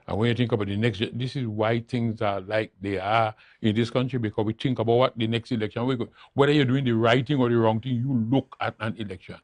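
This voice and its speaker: A man's voice: fairly low pitch, steady tone, fast talker, hardly any pauses, a little mellow, no room sound, studio quality. An older man, a guest on a talk show, speaking emphatically and repeating his key phrases to drive points home. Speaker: interview guest, political leader. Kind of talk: studio talk show interview.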